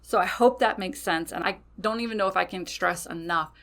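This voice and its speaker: Bright-voiced woman teaching casually. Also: on the low side, fairly quick. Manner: chatty, frequent "okay?", emphatic. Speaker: podcast host, witch.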